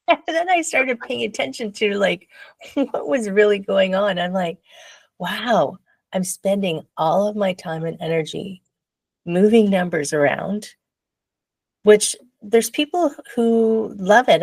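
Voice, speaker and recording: A woman guest telling a personal story in a casual interview, animated and laughing often, acting out her own past voice. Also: medium pitch, slow, long pauses, no echo.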